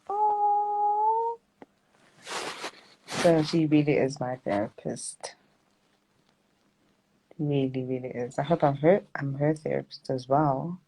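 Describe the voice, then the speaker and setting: A woman's voice: a bass voice, noisy background. A young South African woman hosting a casual phone livestream at home, chatty and laughing often, drifting between English and Zulu. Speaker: livestream host.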